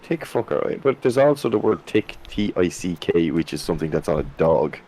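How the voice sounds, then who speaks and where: A man's voice: low-pitched, expressive, fairly quick, warm tone, a little hiss or hum. An Irish man co-hosting a live racing stream, trading blunt, crude, sardonic jokes in casual banter. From Ireland.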